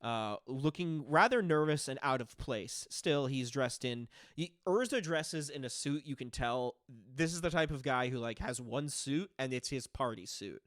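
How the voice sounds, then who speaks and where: A man's voice: mid-range voice, a little slow, hardly any pauses, no echo. Gm guy narrating his tabletop game, loose and chatty, lots of likes and ums, dry sound. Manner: relaxed, filler-heavy narration. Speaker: game master.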